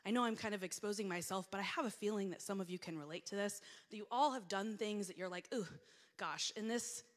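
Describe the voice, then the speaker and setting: A woman's voice: mid-range voice, quick pace. A middle-aged woman giving a conversational sermon, telling self-deprecating stories and acting out her own reactions. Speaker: preacher. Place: church sanctuary. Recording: long hall reverb.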